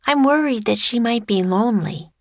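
A woman voicing an excited, cheerful little girl who speaks eagerly in a storybook reading. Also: moderate pace, no room sound. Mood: concerned. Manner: eager, breathless, high-pitched.

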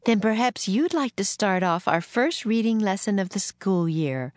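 A woman plays a kind frontier schoolteacher, gentle, encouraging, and a little proper, in a kindly mood. Her mid-range voice is expressive and at normal speed, pitched above her own voice but close to an everyday one, in a dry, studio-quality recording.

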